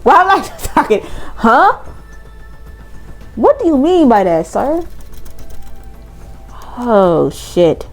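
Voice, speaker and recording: A woman's voice: fairly high pitch, very animated, drawn-out words, pauses often, soft background music, poor audio. A woman giving casual let's-play commentary as a gaming vlogger, blunt and slangy, swearing freely.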